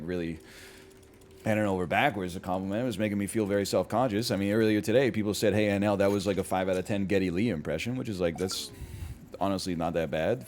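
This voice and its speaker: A man's voice: sits low, darkish tone, a little hiss or hum. A man streaming and chatting casually, rambling and joking at his own expense. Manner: rambling, self-deprecating, jokey voice bits. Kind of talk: casual chat while gaming.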